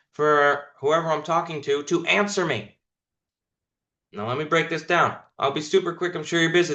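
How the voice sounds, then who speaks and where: A man with a fairly high, sharp voice coaches his sales team through a meeting, emphatic and instructive as he demonstrates call lines. The sound is roomy, with the highs cut off.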